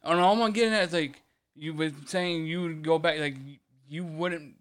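Young guy on a podcast, cussing a lot, worked up and teary, kinda high smooth voice. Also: steady tone, normal speed. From Michigan. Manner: swears constantly, emotional and heated. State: close to tears. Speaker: podcast co-host. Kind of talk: casual chat.

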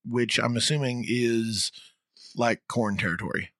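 A man co-hosting a podcast, bantering casually with teasing jokes and quick laughs. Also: medium pitch, steady tone, a bit bright, no echo, studio quality. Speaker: podcast co-host.

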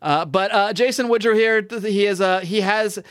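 Smooth-voiced man recapping comics. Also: sits high, normal speed, fairly bright tone, no room sound, studio quality. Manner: rambling, self-correcting, jokey. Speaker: podcast co-host. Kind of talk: casual comic book discussion.

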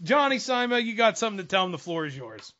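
Brief: male podcast host, bright high voice, excitable and blurting, dull lo-fi sound. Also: quick pace. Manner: excitable, swings from mumbling to loud outbursts. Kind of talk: casual podcast chat.

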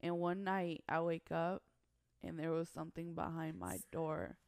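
A woman's voice: low-pitched, fairly even intonation, a little slow, darkish tone, no room sound. A woman co-hosting a casual chat show, telling a story in a laid-back, slangy way. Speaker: podcast co-host.

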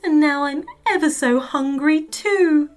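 Big lost mother bear, quiet and tearful, lower and softer than the narrator; woman reads it. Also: unhurried, soft background music. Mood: sad. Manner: soft, sniffly and quiet. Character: sad lost big female polar bear.

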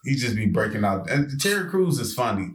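Dude cohosting a chill podcast, swears a lot, voice jumps all over, roomy echo. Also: male voice, mid-range voice, fairly quick, a crowd in the background. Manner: animated, swears freely, laughs often. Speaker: podcast co-host. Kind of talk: casual chat. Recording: echoey room, faint noise.

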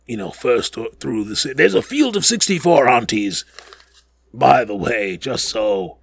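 A man's voice: medium pitch, measured pace, vocal fry, husky, no echo, clean studio sound. A man hosting a podcast in casual chat, rambling and joking while getting over the flu. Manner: animated, rambling, jokey asides. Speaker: podcast host.

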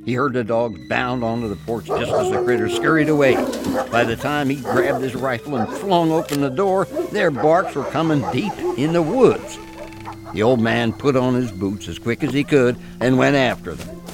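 A man narrating a spooky folk tale in a folksy, slow storytelling manner. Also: mid-range voice, very animated, over music.

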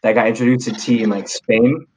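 A young man telling a story in a relaxed podcast chat. He talks in a loose, slangy way, full of fillers and quick restarts, and his voice sits at an ordinary middle pitch. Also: rough recording. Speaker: podcast guest.

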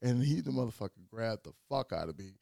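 Casting: expressive, gravelly male podcast host, animated and crude, close dry sound. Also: medium pitch, fast, no room sound. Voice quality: animated, profane storytelling. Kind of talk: casual chat.

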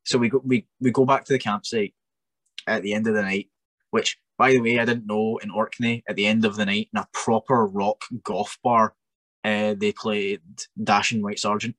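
A young Scottish man, a wrestler guest on a podcast, telling an animated story in an exasperated, ranting way with many restarts. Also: fairly low pitch, moderate pace, no room sound.

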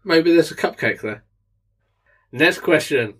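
A man's voice: fairly high pitch, measured pace, husky. A young man co-hosting a casual podcast chat, joking and laughing often as he talks. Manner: jokey, laughs often, lively delivery. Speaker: podcast co-host.

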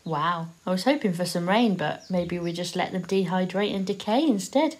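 A woman acting a blunt, teasing survivor of a zombie apocalypse in an audio drama, quick with sweary put-downs. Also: lowish voice, expressive, a little mellow.

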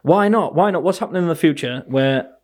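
A man's voice: on the high side, animated, fast talker, a little mellow. A man, hosting a podcast and firing off incredulous questions in a comedy sketch. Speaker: podcast host.

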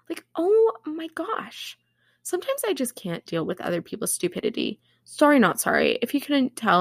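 A woman's voice: medium pitch, creaky, dry recording, clean studio sound. A young woman hosting her own podcast, chatting casually in a sarcastic, swear-laced way. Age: young adult. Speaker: podcast host. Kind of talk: casual solo podcast chat.

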